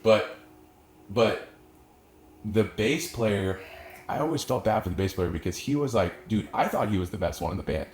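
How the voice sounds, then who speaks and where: With a lowish voice and lively intonation, the young man talks at normal speed but takes long pauses. A musician guest from near Austin, he tells a long story casually, rambling, cursing often, and using many fillers, in an echoey room with faint background ambience.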